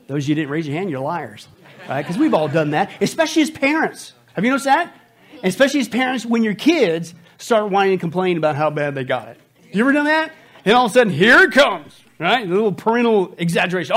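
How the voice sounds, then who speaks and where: A man's voice: high-pitched, very animated, fast talker, fairly bright tone. A man preaching a sermon in a folksy, playful way, often asking the congregation questions. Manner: folksy, playful, asks the audience. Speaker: pastor.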